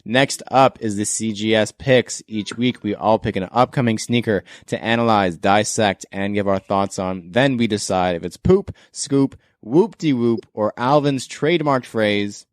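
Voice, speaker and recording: A man from Canada hosts a casual podcast, his voice sitting low. He sounds relaxed and enthusiastic and breaks into laughs often. The recording is close and dry, with no room around it. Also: normal speed, hardly any pauses, dry recording. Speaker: podcast host.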